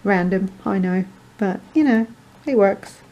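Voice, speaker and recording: Crafter woman, mellow and gravelly, rambling tutorial chat with muttered asides. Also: medium pitch, a little slow, dull audio. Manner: rambling, chatty, self-deprecating asides, muttering to herself. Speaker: card-making crafter.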